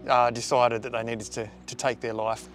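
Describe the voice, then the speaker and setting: A man's voice: mid-range voice, flat delivery, moderate pace, soft background music. A man interviewing a guest, prompting him with short questions and agreeing remarks.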